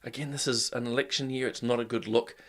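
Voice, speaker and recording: A man with a New Zealand accent hosts a live commentary show in a mid-range voice. He talks in a loose, conversational way, full of "uh" and "look" and quick asides to viewers. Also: medium pitch, fairly even intonation, a bit bright. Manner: conversational, greets viewers by name, frequent "uh" and "look". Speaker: host. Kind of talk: casual live-stream commentary.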